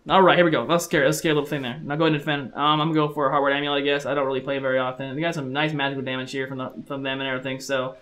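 A man giving live commentary over his own gameplay, excitable, swearing and shouting at the game. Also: medium pitch, very fast, hardly any pauses. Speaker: gaming commentator.

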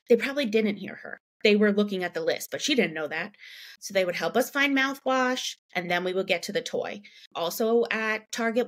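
A woman in her thirties chats easily about her experience as a parent in a podcast interview. She leans on filler words like "you know" and "right?". When she quotes other people, her voice jumps higher and gets livelier. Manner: animated, acts out quoted dialogue in a raised pitch. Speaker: guest, parent. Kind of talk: conversational interview storytelling.

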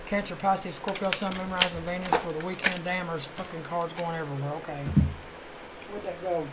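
A woman's voice: lowish voice, steady tone, a little fast, heavy background noise. Chatty woman doing a tarot reading. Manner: chatty, swears casually, fillers like "you know"; murmurs softly while shuffling and chanting signs. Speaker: tarot card reader.

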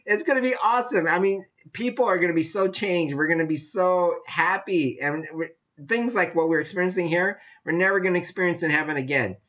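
A man preaching a casual sermon, animated and chatty, often laughing as he talks. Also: high voice, a little fast. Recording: dull lo-fi sound.

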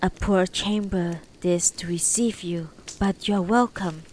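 A woman's voice: lowish voice, slow, darkish tone, slight background noise. A woman voicing a frail, wounded, white-haired old man who welcomes his guests, for a storybook reading. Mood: welcoming.

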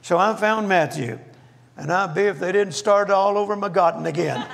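An older man preaching a folksy, jokey sermon as guest minister in a church, slowing down to stress points. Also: sits high, gravelly, background noise. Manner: folksy, jokey, slows down for emphasis. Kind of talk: humorous storytelling sermon. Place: church auditorium. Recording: reverberant church hall.

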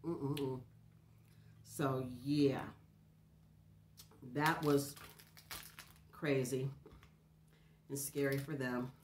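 A middle-aged woman with a drawl tells a story in a relaxed, confiding way, humming between mouthfuls. Her voice sits low, and she sounds slightly stuffy from a runny nose. The room around her is noticeably echoey. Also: very slow, pauses often, a little hiss or hum. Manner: chatty, confiding, talks between bites with hums. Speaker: mukbang host. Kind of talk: casual storytelling while eating. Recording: roomy echo.

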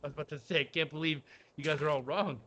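A man's voice: a little high, steady tone, fast talker, a bit bright, a little hiss or hum. A man with an Italian accent streaming a game, teasing other players with mock threats and frequent laughter. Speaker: gaming streamer. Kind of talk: casual gameplay banter.

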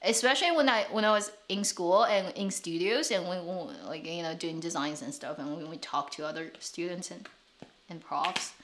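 A woman's voice: on the low side, moderate pace, fairly bright tone. A woman whose first language is Chinese, speaking English with a North American accent, chatting casually to camera as a drama channel host, rambling with restarts and light laughs.

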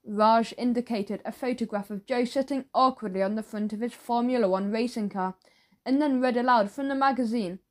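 A woman narrating a children's audiobook in a steady storytelling manner. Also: a little high, brisk.

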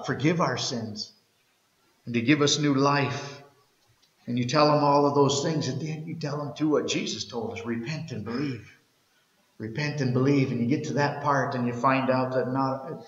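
A middle-aged man preaching a sermon as pastor, telling stories in a conversational way and often restarting his words. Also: medium pitch. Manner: conversational storytelling, repeats words when restarting. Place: church sanctuary. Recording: roomy church hall, dull lo-fi sound.

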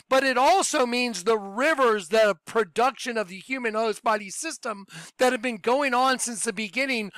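A man hosting a religious video, talking in an emphatic, excitable way and repeating his points. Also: very high-pitched, no echo. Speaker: Christian video host.

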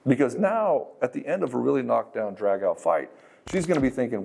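A man's voice: medium pitch, big pitch swings, brisk, creaky, darkish tone, slightly rough. A man giving frank, conversational relationship advice, swearing casually and acting out what partners say. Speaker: dating and relationship coach. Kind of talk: casual advice monologue to the camera.

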